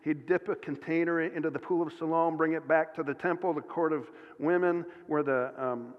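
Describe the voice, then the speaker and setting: Male pastor, sermon, earnest, stumbling restarts, fairly high voice, long hall reverb, dull sound. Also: fairly even intonation, normal speed. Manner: earnest, restarts often, many fillers.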